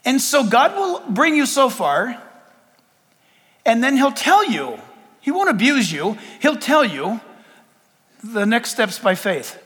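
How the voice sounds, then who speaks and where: Animated preacher in a reverberant hall. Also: male voice, extremely high pitch, slow, pauses often. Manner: animated storytelling, acting out dialogue with God. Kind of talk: sermon.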